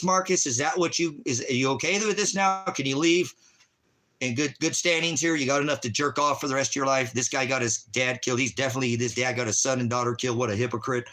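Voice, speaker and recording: A man's voice: mid-range voice, bright, forceful tone. A middle-aged man on an angry, profane rant, bitterly accusing one person and repeatedly calling them by name. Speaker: ministry video host. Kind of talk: angry direct-to-camera rant.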